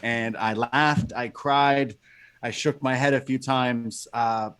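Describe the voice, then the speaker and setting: A man co-hosting a wrestling review podcast, rambling and animated in casual chat. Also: mid-range voice, takes it slowly, clean tone. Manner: animated, rambling, laughing commentary. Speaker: podcast co-host.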